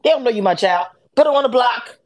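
A woman hosting a casual live audio chat about reality TV, animated and sassy. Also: quick pace. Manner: animated, sassy, acts out quotes with swings in pitch. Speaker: host of a reality TV discussion space.

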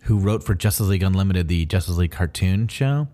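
A man with a very low voice in casual podcast chat, filling in comic history and trivia between his co-host's retellings. He talks loosely, with plenty of fillers. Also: lively intonation, quick pace, dark tone. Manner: adds fan background and trivia, with frequent fillers. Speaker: podcast co-host.

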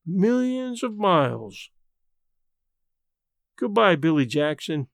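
A man voicing a frail young woman who speaks softly and faintly. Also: high-pitched, sing-song, slow pace, gravelly, no room sound, clean studio sound, heavily acted. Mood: wistful. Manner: soft and faint.

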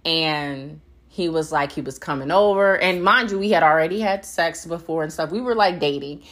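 A young adult woman hosting a solo podcast, talking bluntly and profanely in an animated, laughing monologue. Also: deep voice, normal speed. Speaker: podcast host.

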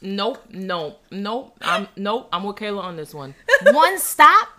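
A woman's voice: medium pitch, slow. A young woman with a New York accent, telling stories in a casual chat, cursing freely and with emphasis. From New York City. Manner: profane, emphatic, animated storyteller. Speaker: podcast host.

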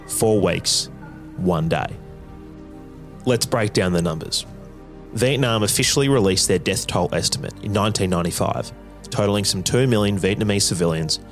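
Male podcast narrator, very low voice, measured dramatic script read over soft music.

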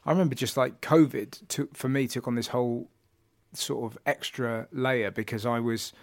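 A man's voice: mid-range voice, normal speed. A man, a comedian chatting casually and telling travel stories with lots of laughter and restarts. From England. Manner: animated storytelling, laughs often, many restarts. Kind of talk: casual chat.

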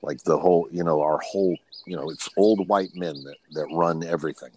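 A man's voice: low-pitched, fairly even intonation, brisk, a little mellow, a little hiss or hum. A man in his fifties, a podcast guest, telling personal stories in a frank, rambling way and often restarting his sentences. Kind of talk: personal storytelling in casual conversation.

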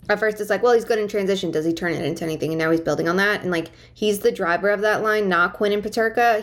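An eager woman gives quick hockey analysis with frequent "like" fillers. She joins the show over a video call. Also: lowish voice. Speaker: co-host analyst. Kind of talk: casual sports chat.

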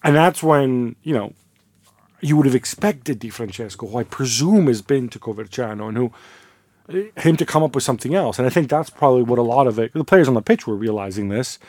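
A man giving lively, joking football analysis in a casual podcast chat, full of quick asides. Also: mid-range voice, dry recording. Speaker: football pundit.

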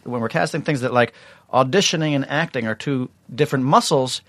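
A man's voice: mid-range voice, brisk, a bit bright, no echo. A man co-hosting a podcast, chatting casually and working through his points thoughtfully, with some swearing. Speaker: podcast co-host.

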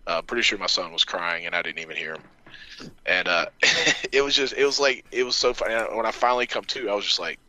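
A man's voice: deep voice, a little fast, sharp tone, muffled recording. A man co-hosting a podcast, telling an anecdote in casual chat with swearing and laughs. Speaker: podcast co-host.

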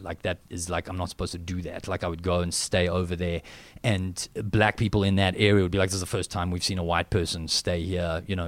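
Reflective South African man, very deep voice. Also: no echo. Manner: reflective, halting with many fillers and restarts. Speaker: guest. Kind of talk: interview conversation.

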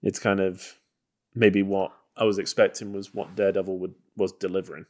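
A man's voice: sits low, flat delivery, a little fast, darkish tone. A man co-hosting a podcast, chatting loosely about an old film with lots of fillers. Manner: loose and conversational, many fillers and hedges. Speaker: podcast co-host. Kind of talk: casual film-review chat.

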